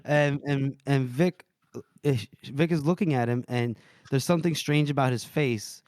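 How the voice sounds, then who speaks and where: A man's voice: mid-range voice, moderate pace, darkish tone, no room sound. Man, podcast co-host, casual book chat, retells scenes, dry close mic. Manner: retells scenes, acting out lines in voices.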